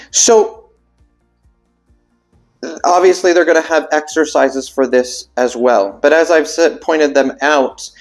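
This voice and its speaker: Rambling vocal coach, faint music behind. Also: male voice, on the high side, darkish tone. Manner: rambling, filler-heavy, thinks aloud. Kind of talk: casual explainer video.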